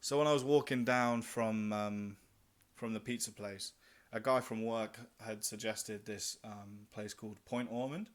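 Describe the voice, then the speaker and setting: A man's voice: fairly low pitch, steady tone, measured pace. A young man vlogging about solo travel, telling a story in a casual, chatty way, swearing freely and acting out his own remarks.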